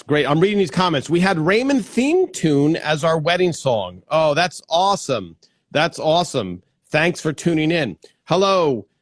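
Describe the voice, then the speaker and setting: Greeting his viewers by name, a man keeps up casual chatter on his live stream, with frequent false starts. His pitch is medium, and his plugged-in desk microphone gives a clean studio sound with no room noise.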